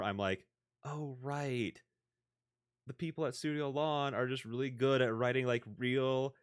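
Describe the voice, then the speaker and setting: A man's voice: lowish voice, a bit bright. A young man streaming from his home desk into a desk microphone. He talks in a rambling, casual way, full of fillers and restarts. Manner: rambling, filler-heavy, self-correcting. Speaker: livestreamer. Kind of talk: casual live-stream chat.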